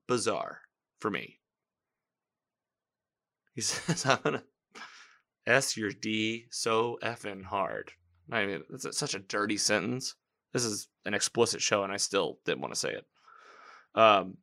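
A man with a fairly low voice hosts a podcast, talking through a TV episode in loose live-watch commentary. He recaps scenes in an animated, chatty way, quoting characters and chuckling as he goes. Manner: chatty, animated recapping with laughs and quoted lines. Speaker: podcast host.

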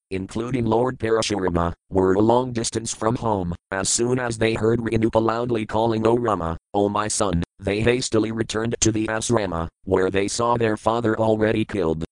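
A man reciting scripture verses and their word-for-word meanings in a measured, even reading cadence. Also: fairly low pitch, clean tone, no room sound, low-quality recording. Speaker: scripture reader.

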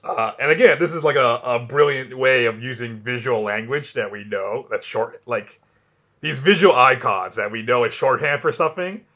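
A man's voice: medium pitch, moderate pace, pushed and bright, lo-fi sound. A man co-hosting a comics podcast, chatting casually and enthusiastically, often restarting his sentences. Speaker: podcast co-host. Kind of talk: casual chat.

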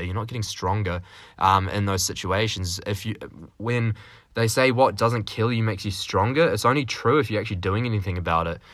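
Low, forceful man. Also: dry recording. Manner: rambling, with many fillers and restarts; jokey, with mild swearing. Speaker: podcast host. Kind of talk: solo podcast monologue.

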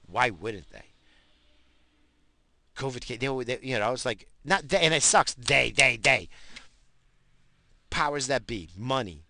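A man's voice: mid-range voice, pushed and bright, dry recording. A man, calling himself a stoner, ranting about conspiracies in heated, profane talk that keeps repeating itself. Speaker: self-described stoner.

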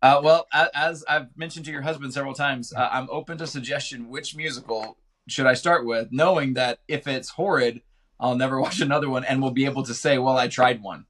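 Joking podcast dad, easygoing. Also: male voice, medium pitch, steady tone, brisk, fairly bright tone. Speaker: podcast co-host. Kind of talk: casual chat.

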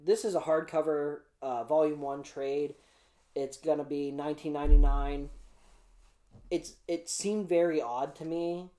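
A man's voice: fairly high pitch, level tone, a little slow, mellow. A young man hosting his own show, chatting casually and rambling with plenty of fillers as he runs through upcoming releases. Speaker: comic preview host. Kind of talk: casual solo vlog.

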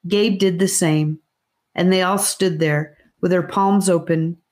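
Woman narrator, audiobook, careful steady reading, unhurried, lowish pitch. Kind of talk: scripted narration.

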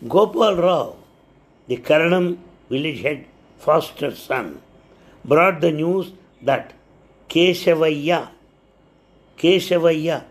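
A male narrator tells a devotional life story in a measured, earnest manner. His voice sits slightly high and moves through a wide, lively pitch range. He takes his time over every phrase.

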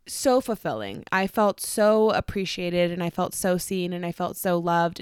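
A woman's voice: on the low side, clean tone, dry recording, studio quality. Bubbly woman hosting a podcast. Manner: bubbly, chatty and self-deprecating. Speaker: podcast host. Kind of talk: solo podcast intro.

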